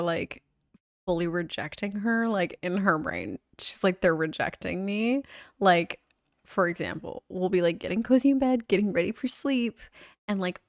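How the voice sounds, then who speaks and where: Young woman, casual stream chat, fry in the voice, dry close sound, laid-back filler-heavy talk. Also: medium pitch, dry recording. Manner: relaxed, chatty, lots of "like" fillers.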